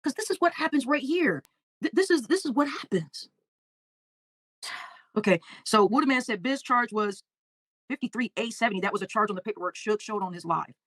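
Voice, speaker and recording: A woman hosting a casual livestream, reading out viewer comments and talking with emotion, often halting and repeating her words. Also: on the high side, animated, a bit bright, no echo. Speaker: livestream host.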